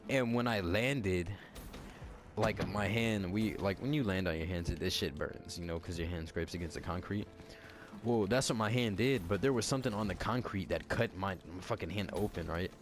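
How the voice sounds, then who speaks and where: A man's voice: low-pitched, moderate pace, background noise. A young man vlogging, telling a casual story full of slang and swearing. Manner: animated, heavy swearing and slang. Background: background music.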